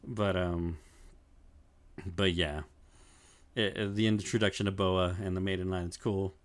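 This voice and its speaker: A man's voice: sits low, fairly even intonation, a little slow, dry recording. A man co-hosting a podcast, recapping episodes in loose, profane chat with lots of laughs and fillers. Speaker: podcast co-host. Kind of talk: casual chat, recapping an anime.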